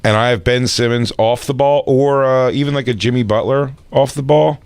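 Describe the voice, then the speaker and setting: A man's voice: mid-range voice, steady tone, normal speed, clear, resonant tone, no room sound. A man co-hosting a podcast in casual chat, rambling through anecdotes with fillers and swearing. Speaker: podcast co-host.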